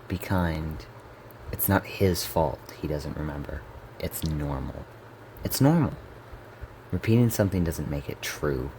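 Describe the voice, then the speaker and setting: Deep-voiced male reader for a dark story game, quiet and measured. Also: slight background noise. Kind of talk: dramatic reading of a story game.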